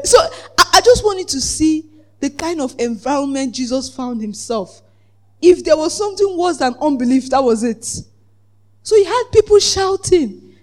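A preacher giving a lively sermon, acting out the voices in the story, laughing often and asking the congregation whether they follow. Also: sits high, normal speed. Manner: asks the congregation "Are we together?".

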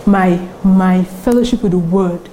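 A Nigerian woman pastor preaching a sermon, animated and often laughing between her points. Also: fairly low pitch, measured pace, a little hiss or hum. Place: church service with congregation responding.

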